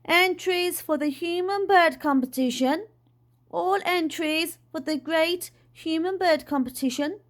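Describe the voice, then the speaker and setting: A woman voicing a brisk, officious little chubby man with a clipboard, who booms his questions and announcements. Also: very animated. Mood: announcing.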